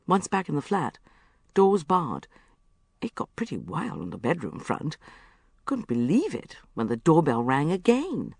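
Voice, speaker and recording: An expressive woman reads a comic first-person novel, her pitch moving widely. Her voice has a gravelly edge, and she sounds close and dry with no room. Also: a little slow, dry recording. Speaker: audiobook narrator. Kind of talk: first-person audiobook narration.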